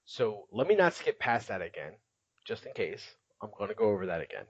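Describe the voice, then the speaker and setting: A man's voice: lowish voice, sing-song, brisk, breathy edge, no room sound, dull audio. A man hosting a casual podcast, chatty and laughing often as he recaps, with many filler words. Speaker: podcast host.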